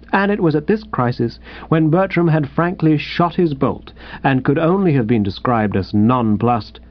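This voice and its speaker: A man narrates a comic first-person tale, playful and animated, his pitch bouncing all over. The recording sounds dull and lo-fi. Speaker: audiobook reader.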